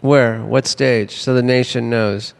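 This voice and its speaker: A man's voice: mid-range voice, fairly even intonation, a little slow, vocal fry. A man co-hosting a podcast in casual chat, throwing in short wisecracks. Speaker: podcast co-host.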